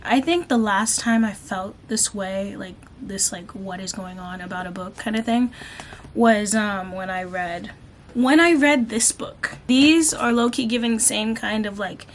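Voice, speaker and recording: A woman reviewing a book in a casual vlog, gushing and excitable, using lots of slang. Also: mid-range voice, slight background noise.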